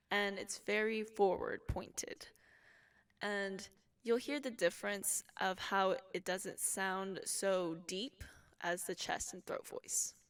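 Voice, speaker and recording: A young woman teaching a casual singing lesson, explaining calmly between sung examples. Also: medium pitch, far from the mic. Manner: relaxed explaining, with sung demonstrations. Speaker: vocal instructor.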